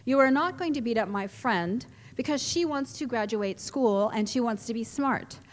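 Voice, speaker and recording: A woman's voice: a little high, lively intonation, moderate pace, close to an everyday voice. Woman doing a blunt, protective teenage girl. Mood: firm. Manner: bossy, firm. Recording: echoey hall reverb.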